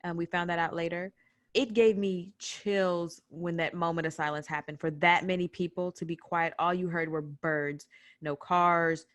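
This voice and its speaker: A young adult woman from the United States, telling a personal story on a podcast in an animated way, acting out what people said. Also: fairly low pitch, normal speed, dry recording. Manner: animated retelling with quoted voices. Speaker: podcast guest recounting a protest. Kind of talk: personal storytelling in casual chat.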